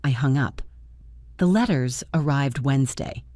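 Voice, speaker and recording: An older woman narrating her own story in the first person, calm and firm. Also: a bass voice, a little slow, no room sound.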